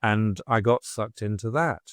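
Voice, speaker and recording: Blunt, low-voiced man telling his story. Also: a little slow, no room sound, studio quality. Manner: frank and exasperated, swears freely. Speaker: podcast guest. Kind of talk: candid conversational storytelling.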